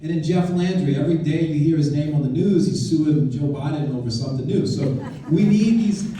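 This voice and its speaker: A man's voice: on the high side, fast talker, dark tone, far from the mic, slight background noise. A man giving an informal speech to a political club, conversational and emphatic, often restarting his sentences. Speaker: guest speaker at a political club. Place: meeting room at a club event. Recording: very echoey room, voice from afar.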